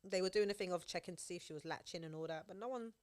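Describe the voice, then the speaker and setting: A young woman co-hosts a podcast, racing through animated stories in casual chat and laughing frequently. Her voice sits on the low side, and the clean studio sound has no echo.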